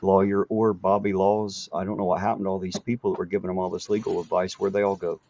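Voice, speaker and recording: A man with a very deep voice co-hosts a livestream chat, easygoing and talkative. His sound is a bit dull and muffled. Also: level tone, quick pace, creaky, mellow. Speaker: livestream co-host.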